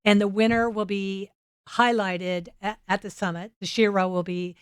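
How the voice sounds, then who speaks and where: A woman's voice: medium pitch, level tone, normal speed, clean tone, no room sound, studio quality. A woman being interviewed, speaking in a chatty, conversational way and acting out short dialogues as she talks. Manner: chatty, acts out little dialogues. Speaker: guest, nonprofit director. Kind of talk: casual interview chat.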